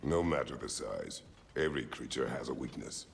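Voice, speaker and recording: A man voicing a stern, terse male warrior god in a video game, speaking curtly and solemnly in a gravelly voice. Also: a bass voice, expressive, normal speed, heavily acted. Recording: game audio with ambient noise.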